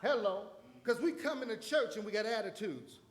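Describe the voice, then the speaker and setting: A man's voice: high voice, very animated, brisk. A man ministering in church, preaching a sermon with dramatic build-ups and acted-out voices. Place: church sanctuary.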